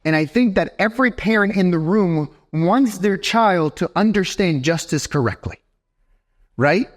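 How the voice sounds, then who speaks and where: An animated young male pastor preaching to his congregation, with a high voice that swings widely up and down. He keeps turning to the room with quick "right?" checks, lively and direct. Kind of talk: sermon. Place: church sanctuary.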